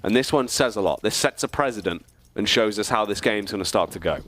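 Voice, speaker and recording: A man's voice: fairly low pitch, fairly quick, a bit bright. Dramatic male esports commentator. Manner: dramatic, rising with the action. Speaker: esports caster. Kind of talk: play-by-play commentary.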